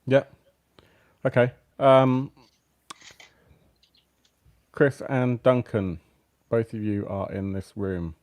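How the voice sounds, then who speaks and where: A man's voice: mid-range voice, very slow, pauses often. Man narrating as game master. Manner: animated scene-setting with laughs. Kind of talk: live-streamed tabletop game narration.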